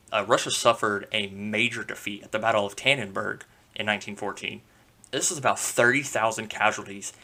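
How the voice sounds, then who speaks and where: A man hosting a podcast, telling history in a relaxed, conversational way with frequent fillers and playful asides. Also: lowish voice. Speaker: podcast host. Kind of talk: casual history storytelling.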